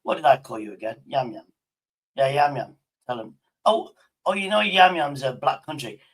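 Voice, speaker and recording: Guy streaming, rambling and sweary, mid pitch. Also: big pitch swings, normal speed, poor audio. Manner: rambling, sweary, restarts his sentences. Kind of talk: casual chat with an AI.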